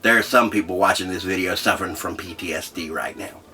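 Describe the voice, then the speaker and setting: A man hosting a comedy show, telling a profane story in a brash, loud way. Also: sits low, fast, faint music behind. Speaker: host. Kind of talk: comedic monologue.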